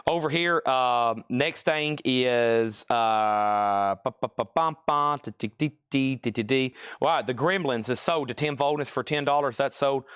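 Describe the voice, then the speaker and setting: A man's voice: medium pitch, a bit bright, clear, resonant tone, no room sound, clean studio sound. Southern man calling a record auction. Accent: Southern US, Tennessee. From Tennessee. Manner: brisk price calling with joking asides. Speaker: live-stream record sale host.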